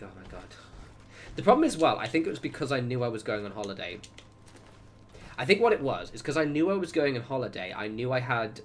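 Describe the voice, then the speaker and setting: With a mid-range voice and a little hiss or hum on the audio, a game streamer from Wiltshire, Southwest England, rambles and chats casually on his livestream. He has a Southern English accent, reacts out loud and swears from time to time.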